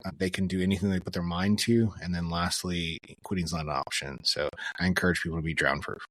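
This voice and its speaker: A man's voice: low voice, steady tone, quick pace, a bit bright, dry recording. A man, a podcast guest, talking earnestly and reflectively in a casual interview, with plenty of fillers. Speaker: podcast guest, former special forces soldier and chaplain.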